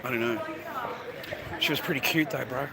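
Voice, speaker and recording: A man's voice: medium pitch, moderate pace, creaky, heavy background noise. A middle-aged Australian man rambling in a loose, profane way during a casual livestream, talking to his phone and speaking directly to the viewer. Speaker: live streamer. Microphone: phone held while talking.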